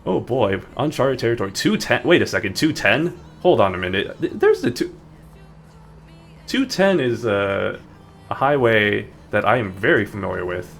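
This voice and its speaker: A man's voice: on the low side, very animated, moderate pace, gravelly, a bit bright. A man streaming a game, chatting casually in a rambling way with many restarts. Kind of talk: casual gaming stream chat. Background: faint background music.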